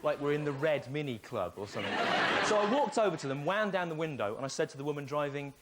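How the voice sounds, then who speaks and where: A man's voice: on the high side, expressive, quick pace, heavy background noise. A man in a comedy double act talking in a dry, exasperated way.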